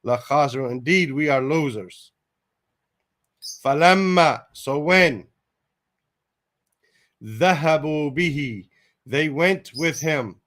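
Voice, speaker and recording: Slow, deliberate male Arabic teacher. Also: a little high, fairly bright tone. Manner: slow, repeats each Arabic word then glosses it; thinks aloud, tentative asides. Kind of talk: word-by-word Quran translation lesson.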